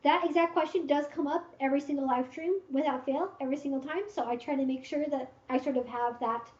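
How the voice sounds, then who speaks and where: A woman's voice: high-pitched, fairly even intonation, quick pace, darkish tone. A woman hosting a casual livestream Q&A, giving frank, direct advice with lots of fillers. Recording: roomy, slightly dull stream audio.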